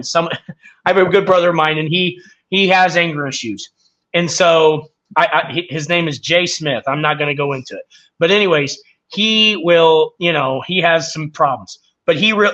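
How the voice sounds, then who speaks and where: Bright-voiced earnest man. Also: on the high side, muffled recording. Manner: earnest, explains with everyday examples. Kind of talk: casual podcast conversation.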